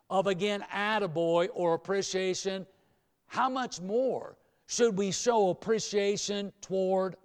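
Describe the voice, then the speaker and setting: A man's voice: sits high, clean tone. A man preaching a sermon to a hall audience in a folksy way, repeating phrases for emphasis and leading call-and-response. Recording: long hall reverb.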